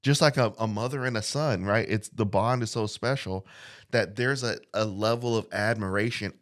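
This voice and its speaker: A man preaching a casual podcast sermon into a mic, earnest and reflective, repeating phrases and reading scripture slowly. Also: lowish voice, a bit bright. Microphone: studio mic.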